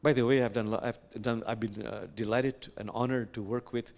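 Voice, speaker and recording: A man preaching as an imam, gentle and reflective, who slows to stress each quoted verse and speaks straight to the congregation. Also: mid-range voice, steady tone, creaky. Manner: reflective, quotes sacred verses slowly and with emphasis; gentle, addresses the congregation directly. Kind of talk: sermon. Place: sanctuary.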